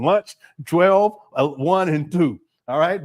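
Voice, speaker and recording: A man's voice: fairly high pitch, slow pace, hardly any pauses. A man hosting a livestream, commenting casually and mockingly while laughing often. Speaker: livestream host.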